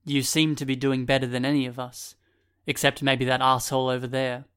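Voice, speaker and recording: An angry, accusing teenage boy with glasses, as a male narrator voices him. His voice sits higher than an adult man's and comes out loud and cutting, like he's done being ignored. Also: little pitch movement, a little fast, smooth, natural voice. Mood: weary.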